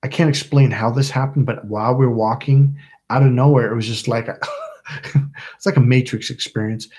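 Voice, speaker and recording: Hombre de mediana edad, voz ronca, relatando. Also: male voice, mid-range voice, steady tone, a little fast, a little mellow. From Napa, California. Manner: swearing, rambling, acts out voices in quotes. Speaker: channel host. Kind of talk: casual storytelling livestream.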